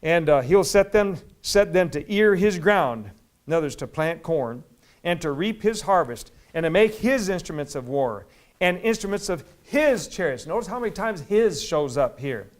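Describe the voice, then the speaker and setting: A man preaching a sermon as pastor, reading scripture slowly and rising to loud, emphatic peaks. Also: a little high, animated. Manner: reads scripture slowly in old-fashioned wording.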